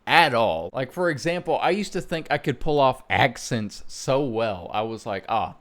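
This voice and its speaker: A man's voice: medium pitch, animated, moderate pace. A young adult man hosting a casual commentary video, mocking himself with jokes as he looks back. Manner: self-mocking, joking, laughs at himself. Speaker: YouTuber host.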